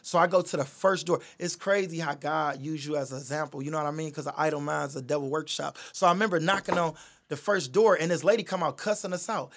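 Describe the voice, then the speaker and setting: A young adult man, a podcast guest, telling a personal story in casual chat, animated and full of fillers. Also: a little high, fast. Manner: animated, lots of "you know what I mean" fillers.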